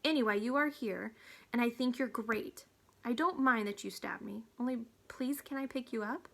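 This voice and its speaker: A woman voicing an eager, earnest young boy in a storybook who talks quickly and pleads politely. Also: on the high side, creaky, a bit bright.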